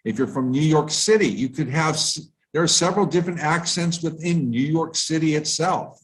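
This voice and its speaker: A man from the United States giving a live online lesson on pronunciation, explaining in a measured way with frequent fillers and restarts. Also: on the high side, low-quality recording. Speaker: IELTS tutor.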